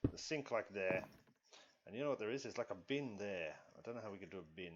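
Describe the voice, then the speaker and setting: A man's voice: lowish voice, animated, fast talker. Rambling man narrating his building game. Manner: rambling, self-talking, apologetic. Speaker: streamer. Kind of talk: live gameplay commentary. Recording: dull lo-fi stream audio with loud noise.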